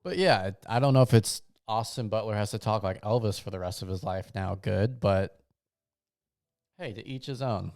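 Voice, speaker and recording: Young man ranting casually, smooth voice. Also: fairly low pitch, moderate pace, darkish tone. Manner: rambling, slangy, trails off and restarts. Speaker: podcast host. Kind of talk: casual comedic rant.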